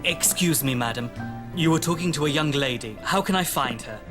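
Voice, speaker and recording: An actor voicing an earnest young rich man in a dubbed animated film, with music behind him. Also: fairly high pitch, a little fast, close to an everyday voice.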